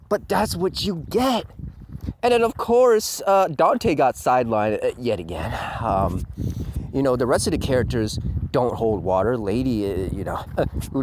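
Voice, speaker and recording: A man's voice: mid-range voice, background noise. A man giving a profane, ranting review commentary full of fillers and laughs.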